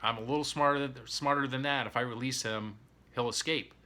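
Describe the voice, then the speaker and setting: A man's voice: mid-range voice, fairly even intonation, fairly quick, sharp tone, natural voice. A man voicing a crafty female crocodile in a spoken folk tale, pleading then matter-of-fact.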